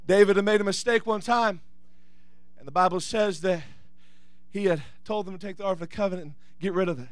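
A male pastor preaching a sermon who reads scripture quietly, then rises to shouted, fervent preaching. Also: sits high, a little fast, clear, resonant tone, dry recording.

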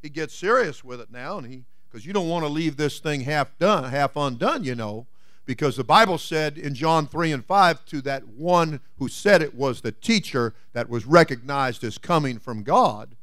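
A man preaching a sermon in a folksy, dramatic way, swinging from loud bursts to hushed asides. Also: on the high side, animated, normal speed, dry recording, clean studio sound. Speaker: pastor. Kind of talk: sermon with storytelling.

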